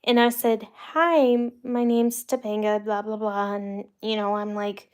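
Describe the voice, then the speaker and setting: A young American woman, a young adult, hosts a livestream where she casually tells rambling personal stories to live viewers, chatting away with the odd laugh. She has a mid-range voice with fairly even intonation and a measured pace.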